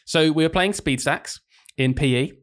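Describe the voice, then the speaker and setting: A man's voice: on the high side, normal speed. A man, a primary school teacher co-hosting a podcast, chatting casually and telling stories with laughs. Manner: animated storytelling, acting out kids' voices with laughs. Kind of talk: casual chat.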